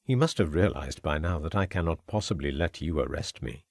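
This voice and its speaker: A man's voice: rumbling low, animated, a little fast, vocal fry, a little mellow, dry recording, studio quality, voice pushed down, heavily acted. A man voicing a scheming murderous villain who talks in a sneering, gloating way.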